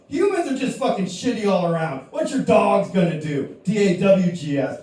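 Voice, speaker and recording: A high-voiced man ranting profanely in an echoing club. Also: lively intonation, normal speed, few pauses. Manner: profane, shouting, crude. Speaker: comic debating. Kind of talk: stand-up debate rant. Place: comedy club stage. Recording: very echoey room from far off.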